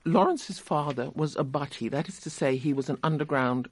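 A man's voice: fairly high pitch, moderate pace, slight background noise. A man giving a conversational literature lecture and reading passages aloud. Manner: conversational, explanatory, with restarts.

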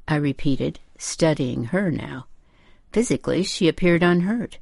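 A woman reading a first-person memoir in a measured, restrained narration. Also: deep voice, gravelly, a little mellow, no echo, clean studio sound.

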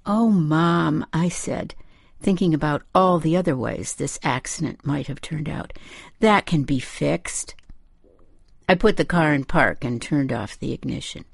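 A woman reading a first-person memoir in a measured, restrained narration. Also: sits low, gravelly, husky, no room sound, clean studio sound.

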